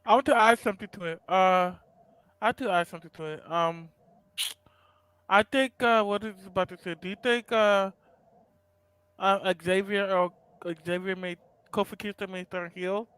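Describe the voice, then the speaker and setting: A man chiming in on a casual wrestling review show, halting and searching for his words. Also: sits high, fairly even intonation, fairly bright tone, smooth, no room sound. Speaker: co-host.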